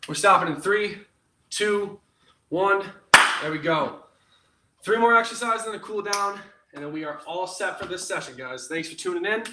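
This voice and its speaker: A man's voice: high voice, normal speed, noisy background. A young man leading a live home workout class, counting down reps and joking along the way. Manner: upbeat, jokey, counts down reps. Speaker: fitness instructor. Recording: echoey room, far from the mic.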